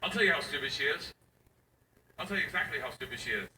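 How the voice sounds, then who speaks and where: A stand-up comedian with a high voice, telling animated stories that leap into loud high bursts and swearing. He sounds set back from the mic in a roomy, echoing space. Steady noise runs under his voice. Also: fast. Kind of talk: stand-up storytelling. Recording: roomy, distant, noisy room recording.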